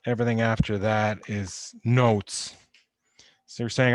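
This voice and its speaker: A man with a mid-range voice gives an online chemistry lecture at a normal speed, chatting conversationally while repeating key points and stressing warnings. He's on a video call from a home or office, using a computer microphone, yet the sound is studio quality with no room sound.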